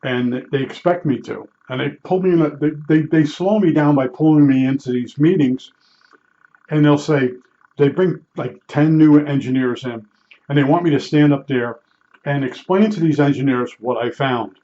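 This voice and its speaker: A man's voice: a little high, moderate pace, warm tone, dull audio. Older blunt-talking man from New Jersey. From Newark, New Jersey. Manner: blunt and salty, with frequent restarts and asides. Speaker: vlogger recalling his work as a meter calibrator. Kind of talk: rambling casual storytelling.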